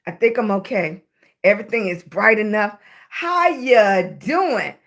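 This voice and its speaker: A woman's voice: mid-range voice, animated, unhurried, a bit bright. A woman with a Southern US accent hosting a casual live stream, chatting with viewers, greeting them by name and calling them baby. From Southern United States. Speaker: livestream host. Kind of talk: casual livestream chat with viewers.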